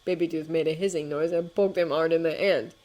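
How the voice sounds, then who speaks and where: A woman reading a fan story aloud as storybook narration, with an expressive and dramatic delivery. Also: low voice, a little fast. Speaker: fanfiction reader.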